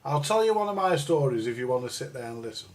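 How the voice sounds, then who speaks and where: Hosting a live chat, a man tells a long, rambling story from his school days, heavy on profanity and full of restarts and asides. He talks fast and very animatedly at a medium pitch.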